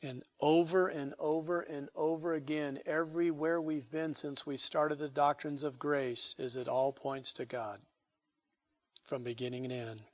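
A male pastor preaching with emphatic force, his voice pitched a bit above the usual for a man. He builds loud on key phrases, then falls soft at the close of each line. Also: level tone, a little slow. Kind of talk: sermon.

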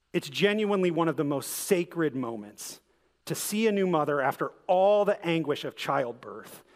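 A young man preaching a sermon, earnest and conversational, telling a personal story before building to a fervent close. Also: fairly high pitch. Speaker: pastor. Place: church sanctuary. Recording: reverberant church hall.

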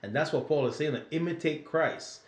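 A man's voice: fairly high pitch, fairly quick. Conversational man in an echoey room. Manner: conversational, often checking with "right?". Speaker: podcast co-host. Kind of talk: casual Bible study discussion. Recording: roomy echo.

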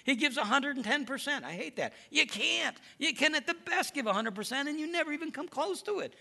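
Animated, gravelly-voiced male preacher. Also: very high-pitched, fairly quick. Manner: lively storytelling, animated and emphatic. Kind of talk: sermon.

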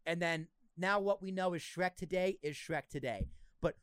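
A young man hosting a podcast, chatting casually, excitable, swearing and laughing a lot. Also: high-pitched, normal speed, smooth, no room sound. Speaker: podcast host. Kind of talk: casual chat.

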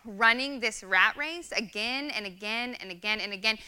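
A woman's voice: fairly high pitch, moderate pace, sharp tone, smooth. A woman in her thirties giving an earnest, conversational sermon with many fillers. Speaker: guest speaker.

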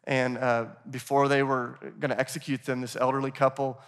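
The preacher, a pastor at a church in Nashville, has a clean, fairly bright medium-pitched voice, delivered flatly and briskly. His sermon is casual; he calls everyone "guys" and voices the figures of scripture as he quotes them.

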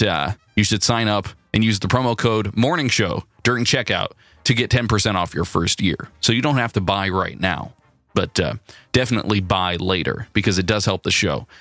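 Brief Male podcast co-host, bright lively delivery, dry booth sound. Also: lowish voice, no room sound. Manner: joking, stumbling restarts. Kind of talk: casual chat and ad read.

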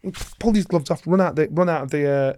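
A middle-aged former boxing world champion, appearing as an interview guest, tells a long story with lots of energy and acts out the voices of the people in it. He speaks fast in a slightly mellow voice that sits on the high side.

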